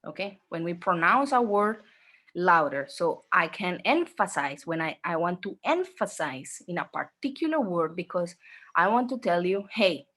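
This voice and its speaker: A woman teaching an online exam-prep class, speaking slowly, repeating herself and often checking in with "okay?". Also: on the low side, fairly bright tone. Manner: slow, repetitive, checks in with "okay?".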